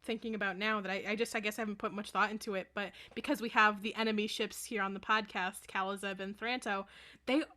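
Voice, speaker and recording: A woman's voice: medium pitch, fairly even intonation, fast talker, pushed and bright. A woman co-hosting a casual podcast, rambling and blunt, with some swearing. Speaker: podcast co-host.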